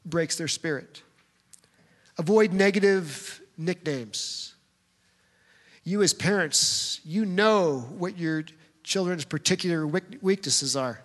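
A man's voice: a little high, slow pace, a bit bright. A man preaching a sermon as a pastor, talking straight to the congregation in a conversational, storytelling way. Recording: long hall reverb.

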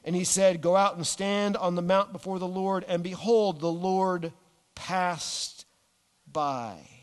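A man preaching a sermon, animated, dropping his voice low and slowing down on key words. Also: long reverb tail. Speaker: pastor.

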